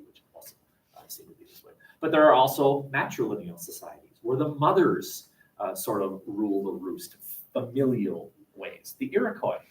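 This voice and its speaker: Lively teacher in an echoey classroom. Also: male voice, mid-range voice, far from the mic. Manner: lively, joking, asks the class questions. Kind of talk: classroom lecture.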